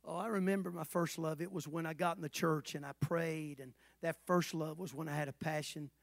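A man preaching a sermon as pastor in a church, swinging between shouted calls and soft low asides, asking the congregation questions and calling for responses. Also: steady tone, fairly quick, gravelly, no echo, studio quality. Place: church sanctuary.

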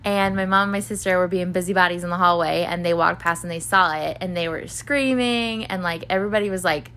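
Speaking briskly in a lowish, fairly bright voice, a young podcast host recounts a personal story in a loose, casual way. Fillers and profanity come freely, and she mimics the voices of others.

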